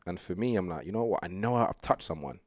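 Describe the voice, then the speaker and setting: A man's voice: sits low, fast talker, no echo, clean studio sound. A young man, chatting loosely as an interview guest, with plenty of fillers. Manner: relaxed, rambling, full of fillers and laughs. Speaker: guest sprinter. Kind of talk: casual interview chat.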